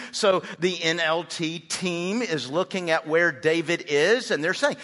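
A man's voice: sits high, moderate pace, few pauses, a bit bright. A man teaching a live Bible study, talking with the group in a conversational way, stopping to quiz them and explain each point. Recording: long reverb in a large room.

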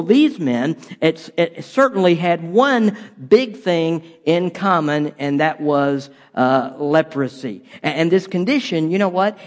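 Male pastor, high voice, chatty sermon with asides, long hall echo. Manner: conversational preaching with repeated rhetorical questions and stumbles.

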